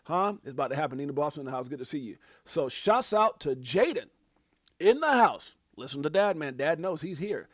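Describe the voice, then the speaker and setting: A man hosting a casual livestream, hyped and preachy, shouting out viewers by name. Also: fairly high pitch, sing-song, brisk, no echo, studio quality. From United States. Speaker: livestream host.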